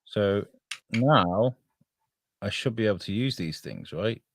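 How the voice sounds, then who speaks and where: A man's voice: fairly low pitch, expressive, takes it slowly. A man hosting a podcast pre-show, chatting casually, joking crudely and fumbling through his audio setup. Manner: hesitant while sorting out his audio setup. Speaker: podcast host.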